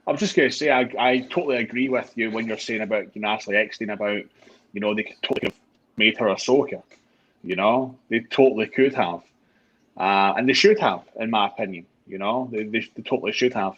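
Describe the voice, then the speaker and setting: Laid back guy agreeing a lot, husky voice, kinda muffled lo-fi audio. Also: on the low side, brisk, fairly bright tone. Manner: easygoing, agreeable, fillers like you know. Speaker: guest. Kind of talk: casual group review chat.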